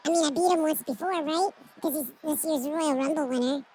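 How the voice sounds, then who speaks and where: A woman voicing a cocky wrestling champion who talks in laid-back surfer slang and rambles boastfully, with a squeaky chipmunk voice from helium. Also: fairly quick, dark tone, lightly acted. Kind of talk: wrestling promo role-play.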